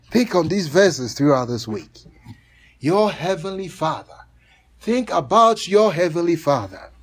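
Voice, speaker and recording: A man preaching a sermon, reading scripture aloud slowly and emphatically and often chuckling between points. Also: a little high, lively intonation.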